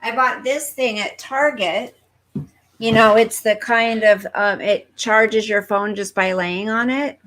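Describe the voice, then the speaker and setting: A woman hosts a casual live chat from home, speaking directly to her viewers. She talks at an unhurried, drawn-out pace and often wanders off track. Her pitch sits in a middle range. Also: fairly even intonation, fairly bright tone. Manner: chatty, talks straight to viewers, easily distracted. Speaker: livestream host reading viewer comments. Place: at home, fireworks outside.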